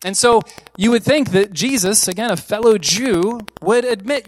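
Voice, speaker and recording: An earnest preacher delivers a sermon in a mid-pitched voice. Key phrases come back again and again for emphasis, and rhetorical questions pile up one after another. A faint noise sits under the voice. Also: moderate pace, rough recording.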